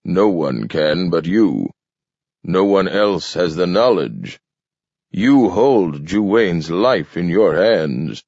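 A man's voice: low-pitched, big pitch swings, slow pace, darkish tone, no room sound, heavily acted. A man reading the part of a grave, gray-haired male doctor who talks in a firm, insistent way. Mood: stern. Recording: dull lo-fi dry recording.

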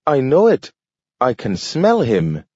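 A man's voice: mid-range voice, huge pitch swings, mellow, slightly rough, no room sound, voice pushed up, full character voice. A man voicing a cheerful, eager talking dog who pronounces words carefully, in an audiobook reading. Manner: careful, halting pronunciation of words. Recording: dull lo-fi recording.

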